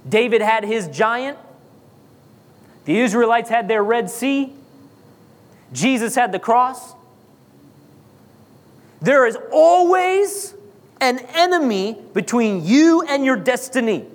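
A man's voice: very high-pitched, lively intonation, measured pace, long pauses. A man preaching a sermon, driving points home with rhetorical questions and repetition. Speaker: pastor. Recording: long hall reverb.

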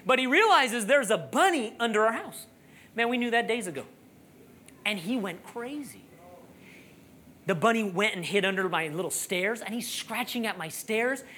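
A preacher giving a sermon, telling a lively personal story and then building to emphatic, raised-voice preaching. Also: medium pitch, moderate pace, breathy edge.

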